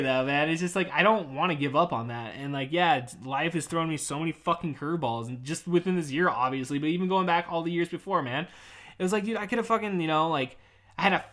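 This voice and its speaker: Bright-voiced guy in his 30s venting on his podcast, swears a lot, rambles and mumbles then gets loud. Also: on the high side. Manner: rambling, heavy swearing, frustrated; many fillers and restarts, drifts between loud and mumbled. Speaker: podcast host. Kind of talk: casual rant.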